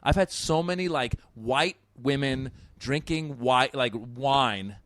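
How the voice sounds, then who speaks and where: On a podcast, a comedian from Iran chats loosely and recounts a stand-up bit, playing the people he spoke with and reenacting crowd exchanges while often starting over. He speaks slowly in a mid-range voice, and the recording is dry.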